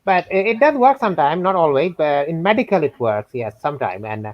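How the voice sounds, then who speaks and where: A man's voice: on the high side, big pitch swings, brisk, dry recording. Hesitant man on a dull online call. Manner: hesitant, many fillers. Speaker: guest scam baiter. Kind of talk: casual interview chat. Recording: dull dry remote call.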